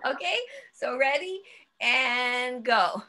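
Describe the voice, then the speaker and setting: Bright, upbeat woman leading laughter yoga. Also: high-pitched, animated, slow, slight background noise. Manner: upbeat, chanting and laughing along. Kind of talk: guided laughter exercise class.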